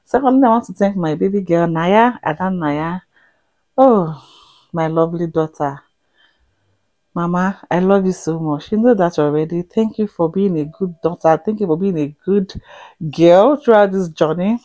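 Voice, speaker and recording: A young woman vlogging to camera with heartfelt thanks, sighing and dropping into soft whispers at times. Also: on the low side, normal speed. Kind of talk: emotional personal vlog to camera.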